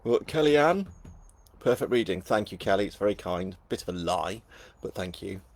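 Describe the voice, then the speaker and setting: Speaking in a low, animated voice at normal speed, this middle-aged Northern English man chats through viewer comments during a live-streamed book launch. He keeps things jokey and self-deprecating.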